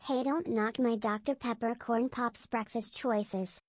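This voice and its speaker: A woman making wry, quick interjections in casual chat. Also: fairly high pitch, fairly even intonation. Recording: noisy background hiss.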